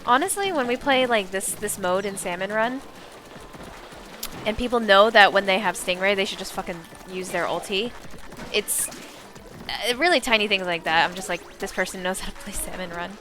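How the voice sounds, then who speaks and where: A woman streamer chatting casually and excitably while she plays, swearing now and then. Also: medium pitch, moderate pace, over music. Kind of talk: casual live gaming chat.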